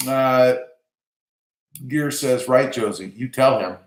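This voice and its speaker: A man's voice: medium pitch, slow pace, pauses often. Chatty Southern man in an echoey room. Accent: Southern American. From South Texas. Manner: relaxed, chatty, reads comments aloud with filler words. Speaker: channel host reading live chat. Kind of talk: casual live-stream chat.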